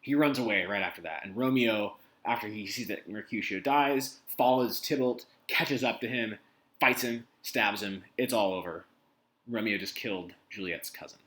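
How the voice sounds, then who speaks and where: A man's voice: fairly low pitch, normal speed, fairly bright tone. A man teacher giving a casual spoken summary of a play, retelling the characters' lines in everyday modern talk. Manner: conversational, paraphrases characters in modern slang.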